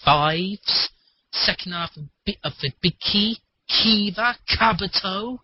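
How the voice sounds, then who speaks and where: A man with a slightly high, husky voice rambles through a casual chat and swears freely. The sound is muffled and lo-fi. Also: takes it slowly. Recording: muffled lo-fi recording.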